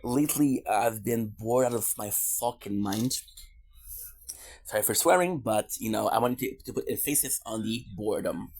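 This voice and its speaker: A man's voice: on the low side, moderate pace, hardly any pauses, dark tone, husky. A man from Quebec, Canada, in a casual streamer monologue, rambling on goofy side tangents with swearing and jokes.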